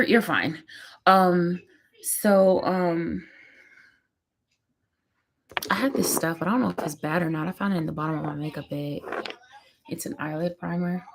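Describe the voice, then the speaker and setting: A young woman chatting to camera as she does her makeup, telling a story about her son with lively quotes. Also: on the low side. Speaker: vlogger, mother. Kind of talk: casual chat to camera. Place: home.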